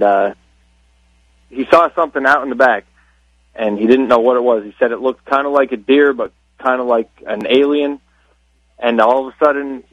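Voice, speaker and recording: A man's voice: medium pitch, fairly bright tone, no echo. Casual rambling male caller, dry, muffled phone line. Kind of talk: telling a story on a radio call-in.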